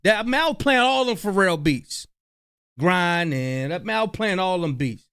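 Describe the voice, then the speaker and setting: High-voiced animated male commentator. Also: moderate pace, clean tone. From New Jersey. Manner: animated, slangy, repeats himself. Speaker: reaction channel host. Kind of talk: casual commentary reacting to clips.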